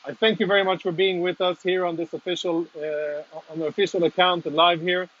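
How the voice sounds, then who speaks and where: A man speaking as a military spokesman, reporting live and earnestly from inside a damaged apartment, audibly emotional with halting restarts. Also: high-pitched, little pitch movement, fairly bright tone, lo-fi sound. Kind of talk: live walk-through report.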